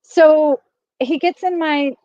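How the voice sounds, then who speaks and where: Middle-aged woman host, high, chatty voice, laughs a lot, dry slightly dull recording. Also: takes it slowly, dry recording. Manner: animated, laughs often. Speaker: vlogger host. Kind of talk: casual chatty storytelling.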